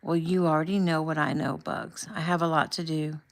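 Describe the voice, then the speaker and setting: A woman voicing a young man on deployment, speaking softly and tenderly, with a low, gravelly tone. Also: little pitch movement, brisk. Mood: warm. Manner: soft, quiet, affectionate.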